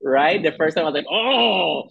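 A man with a mid-range voice chats as a podcast guest, animated and quick to act out his reactions. His mic sounds a little dull and dry, as if he is calling in remotely. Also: mid-range voice, no echo. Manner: chatty, animated, with acted-out reactions. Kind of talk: casual chat.

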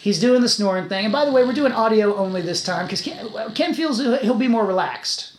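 A man's voice: sits high, expressive, brisk, slight background noise. A man hosting a casual podcast, chatty and swearing freely as he talks. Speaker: podcast host. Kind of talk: casual chat. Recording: echoey room.

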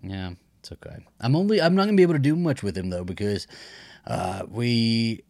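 A man's voice: mid-range voice, animated, a little fast, gravelly, darkish tone, no room sound. A man co-hosting a podcast, chatting casually about a TV series in a laid-back, joking way. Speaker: podcast co-host.

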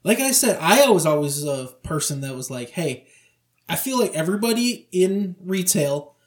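Man, podcast co-host, laughs a lot, blunt, slightly high pitch. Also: very animated, moderate pace. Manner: laughing, blunt retail anecdotes. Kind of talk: casual chat.

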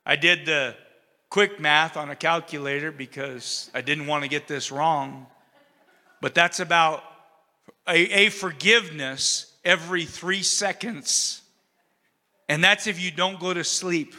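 A man preaching a sermon in a conversational, animated storytelling way, acting out the characters' lines. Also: a little high, a little slow, in a large hall. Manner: conversational, asks the audience "you know what I'm saying".

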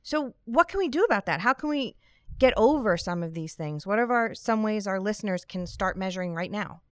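A young woman hosts a podcast in a bright, upbeat way with flashes of dry sarcasm. Her voice is clear and smooth, recorded close with a dry sound. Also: mid-range voice, animated, fairly quick, no echo. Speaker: podcast host. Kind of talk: scripted podcast conversation.

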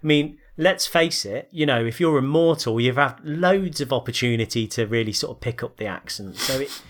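A man's voice: mid-range voice, moderate pace. A man hosting a podcast, chatting casually and telling trivia. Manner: storytelling, hesitant fillers. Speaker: podcast host. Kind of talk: casual chat.

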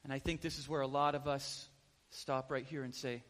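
A man preaching in an animated storytelling style, often asking his listeners questions. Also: medium pitch, moderate pace, long reverb tail. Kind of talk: storytelling sermon.

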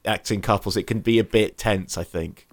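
A man co-hosting a casual film podcast, reading production notes aloud and chatting in an animated, halting way with frequent laughs. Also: on the low side. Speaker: podcast co-host.

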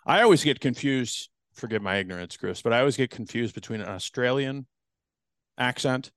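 A man's voice: medium pitch, lively intonation, a little fast, fairly bright tone, no room sound, clean studio sound. A man from the United States hosting an interview, asking long, rambling questions with many repeated words. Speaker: podcast host. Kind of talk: casual interview conversation.

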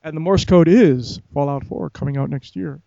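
A fairly high-voiced man hosts a casual gaming podcast over a call. He teases his co-hosts and laughs often. The sound is dry and slightly dull. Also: gravelly, mellow, no echo. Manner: joking, quick to laugh, teasing. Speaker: podcast host.

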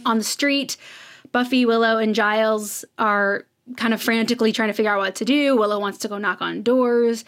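In a slightly high voice with fairly even intonation and a moderate pace, a woman co-hosts a podcast recapping episodes. The talk is casual and chatty, shaped as storytelling, with quotes acted out.

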